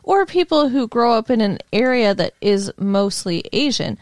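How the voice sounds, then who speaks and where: A woman from Minnesota co-hosting a podcast, chatting casually with quick, wry remarks. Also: on the high side, animated, no room sound, clean studio sound. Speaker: podcast co-host. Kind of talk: casual chat.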